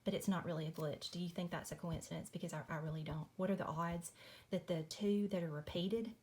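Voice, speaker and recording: A woman's voice: lowish voice, fairly even intonation, a little fast, a little mellow. Chatty woman explaining scripture. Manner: chatty, apologetic, says y'all. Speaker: Christian video host. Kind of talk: casual Bible study walkthrough. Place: home at night.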